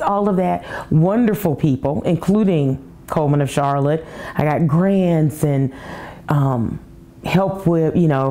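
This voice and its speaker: Woman, middle-aged, low voice, warm and mellow tone, candid personal testimony. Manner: candid, emotional, with rushed asides and restarts. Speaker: breast cancer survivor telling her story.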